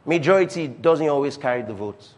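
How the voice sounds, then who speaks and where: A man preaching a sermon as pastor, emphatic, with repeated refrains and swings from loud declarations to quiet asides. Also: on the high side, expressive, fairly quick.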